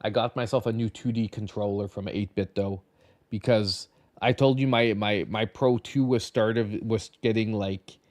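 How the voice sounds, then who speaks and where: A man's voice: on the low side, steady tone, unhurried, a little mellow, dry recording. Sleepy gaming podcast guy, slight lisp, rambly, dry close sound. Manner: rambling, many restarts and fillers. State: tired. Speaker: podcast host. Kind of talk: casual late-night podcast chat.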